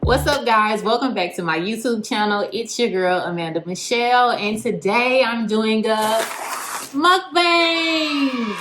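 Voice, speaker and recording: A woman's voice: mid-range voice, moderate pace, hardly any pauses. A young woman hosts a casual chat over a meal, slangy and laughing while she eats. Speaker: host. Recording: roomy home recording with faint noise.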